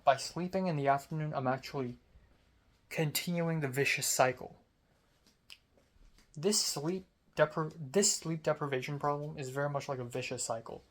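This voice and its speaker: A sleepy young man from Hong Kong, a student telling a rambling casual vlog story, talking slowly with many fillers. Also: a little high, a bit bright. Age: young adult. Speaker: student vlogger.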